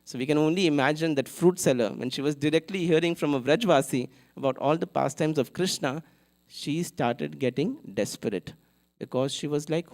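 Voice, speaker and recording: Brief: male temple speaker, slightly higher voice, chatty storytelling sermon delivered live. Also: normal speed, a little mellow. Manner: conversational storytelling, acting out the characters.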